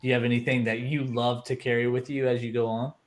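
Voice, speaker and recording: A man hosting a casual livestream, talking in a relaxed, rambling way and laughing often. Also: medium pitch, fast. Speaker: host.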